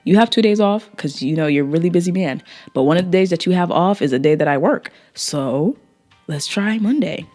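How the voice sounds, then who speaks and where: A woman's voice: lowish voice, animated, fairly quick, warm tone, soft background music. A young woman telling a story in a casual, blunt, slangy way, swearing freely. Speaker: vlogger.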